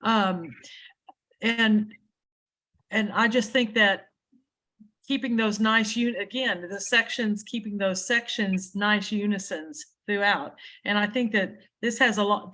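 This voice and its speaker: A woman's voice: mid-range voice, unhurried, pushed and bright. A woman leading an adjudicator training session over a video call, explaining in a conversational way with frequent restarts.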